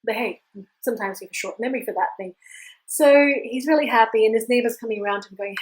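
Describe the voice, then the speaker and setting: A woman life coach telling a story straight to camera, animated and casual, acting out the characters as she goes. Her voice sits slightly high. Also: quick pace, rough recording.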